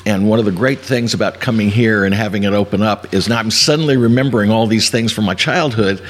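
A man's voice: on the low side, fast. A man who is a guest on a show, recounting paranormal experiences with hesitant, stumbling restarts. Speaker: guest witness. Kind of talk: podcast interview. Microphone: shared mic.

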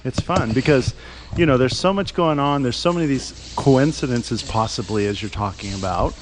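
A man's voice: medium pitch, moderate pace, background noise. Chatty male radio host, rambling. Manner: rambling, laughs often, lively questions. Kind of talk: casual studio chat. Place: radio studio.

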